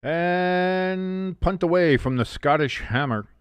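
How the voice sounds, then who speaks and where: Excitable man calling football live. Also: high voice, slow, smooth, no echo. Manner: excitable, swears, calls plays then mutters asides. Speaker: host of a live sports watch-along stream. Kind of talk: casual live play-by-play commentary.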